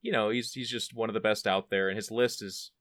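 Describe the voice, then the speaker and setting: Animated, profane male storyteller. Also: fairly low pitch, a little fast, dry recording. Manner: animated, profane, self-deprecating. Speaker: podcast guest. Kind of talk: casual storytelling.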